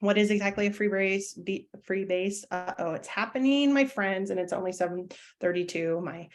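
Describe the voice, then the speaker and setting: Woman teacher, mid-pitched, loose and conversational webinar delivery, lots of ums, pokes fun at herself. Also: moderate pace. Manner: chatty, self-deprecating, many fillers and restarts. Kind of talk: live online presentation.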